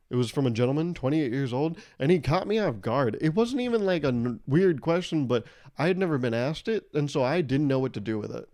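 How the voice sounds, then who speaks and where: A man's voice: medium pitch, a little mellow. Joking young man rambling on a podcast. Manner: rambling, joking, laughs often, swears. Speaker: podcast host. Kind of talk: casual solo podcast monologue.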